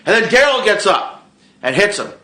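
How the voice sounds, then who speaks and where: Casual male vlogger, animated, bright voice, echoey room. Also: sits high, normal speed. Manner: animated, re-enacts his own reactions, swears freely. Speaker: TV show reviewer. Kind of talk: casual excited recap vlog.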